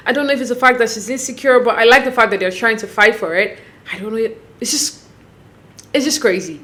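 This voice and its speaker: A fairly high-pitched woman, a recap vlogger, casually goes over a reality show episode. She's chatty and animated, acting out what the cast members said.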